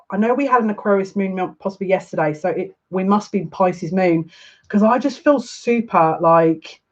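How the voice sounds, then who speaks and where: A woman's voice: mid-range voice, husky. Woman, psychic reader, live-stream tarot reading, chatty, emotional, answers viewers, slightly dull lo-fi sound.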